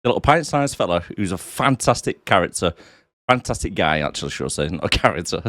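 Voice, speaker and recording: Bantering man, animated voice. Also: sits low, quick pace, no echo, clean studio sound. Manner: joking, swears, banters. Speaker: podcast co-host. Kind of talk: casual chat.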